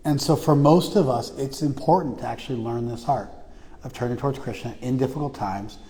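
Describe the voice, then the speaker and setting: A man giving a spiritual lecture to a class, animated, swinging between quiet and loud, often checking in with "you follow?". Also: medium pitch, a little fast, long reverb tail. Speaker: spiritual teacher. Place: class room in a temple.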